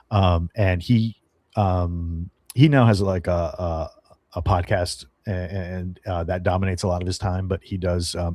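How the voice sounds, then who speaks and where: A middle-aged man, a dog handler appearing as a podcast guest, telling stories in an animated, rambling way with many fillers and restarts. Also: deep voice, dry recording. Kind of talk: casual podcast storytelling.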